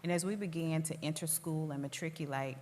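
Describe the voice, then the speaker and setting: A woman's voice: low voice, fairly even intonation, mellow. A woman in her forties with a Southern US accent from Tennessee, speaking as a school superintendent in an earnest, proud interview conversation. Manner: earnest, proud, measured storytelling. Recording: long hall reverb.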